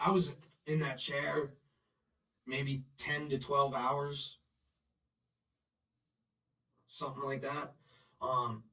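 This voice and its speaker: A man telling his own story in blunt, profane, halting talk full of restarts and fillers. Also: mid-range voice, bright, forceful tone, distant mic, poor audio. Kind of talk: unscripted personal storytelling.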